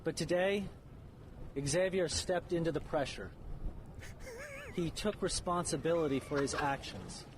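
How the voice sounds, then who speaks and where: A man delivers a formal statement in a measured, solemn cadence. He is outdoors in a city, with traffic and street noise clearly heard behind him. His voice sits a little high. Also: lively intonation. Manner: solemn, measured speech-making. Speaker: lawyer giving a statement. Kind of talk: formal courtroom-steps speech. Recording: archive clip, outdoors with noise.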